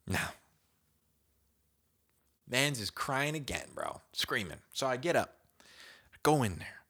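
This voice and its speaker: A young man hosting his own podcast, telling a casual story in a slangy, animated way, dropping to whispers and jumping to shouts as he acts it out. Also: medium pitch, slow, long pauses, husky. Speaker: podcast host.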